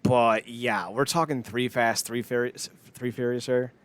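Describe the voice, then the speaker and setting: A man's voice: mid-range voice, fairly even intonation, unhurried, fairly bright tone. A man co-hosting a podcast, chatting in a rambling, jokey way and laughing often. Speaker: podcast co-host. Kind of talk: casual chat.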